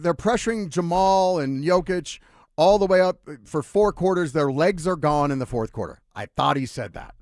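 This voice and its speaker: A male sports radio host in loose, argumentative chat, his pitch sitting a little high and bouncing all over. He rambles and cuts himself off mid-thought. The studio sound is dry and close. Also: no room sound. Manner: animated, rambling, self-interrupting. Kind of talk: casual sports radio debate. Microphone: studio microphone.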